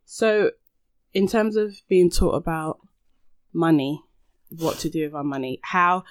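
A man talks casually on a podcast, his voice sitting fairly high for a man. He is reflective and pauses to rephrase himself. The sound is dry and close, with no room around it. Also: smooth, no echo. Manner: reflective, speaks in restarts and asides. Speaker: podcast co-host.

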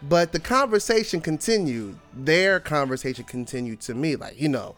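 A man in his forties hosting a podcast, telling a story in a casual, animated way, acting out what people said and laughing often. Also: on the high side, normal speed, few pauses, soft background music. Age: 40s. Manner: animated, acts out quoted dialogue, laughs often. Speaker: podcast host.

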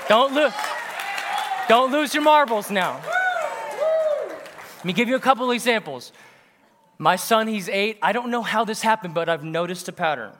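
A man in his thirties preaching a sermon, animated and punchy, with bursts of laughter. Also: sits high, normal speed, long pauses, some chatter behind, slight background noise. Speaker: pastor. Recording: long hall reverb.

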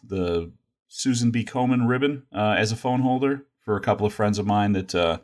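A man's voice: fairly low pitch, moderate pace, a little mellow. A middle-aged man hosting a podcast in casual, jokey, rambling chat. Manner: jokey, rambling, self-deprecating. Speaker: podcast host.

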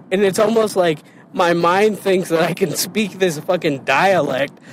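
A man's voice: high-pitched, measured pace, a little hiss or hum. A man co-hosting a podcast in casual chat, joking crudely and laughing often. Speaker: podcast co-host.

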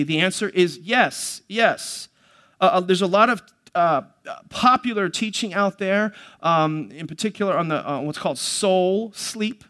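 A man's voice: sits high, lively intonation, measured pace, fairly bright tone. A male pastor preaching a sermon, teaching earnestly with many fillers and restarts and reading scripture aloud.

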